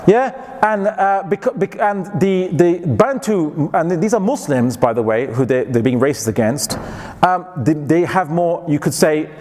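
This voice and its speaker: Lively male lecturer in a reverberant hall. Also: on the high side, a little slow. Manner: lively, digressive, frequent restarts and jokey asides. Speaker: guest lecturer. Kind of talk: university lecture with anecdotes.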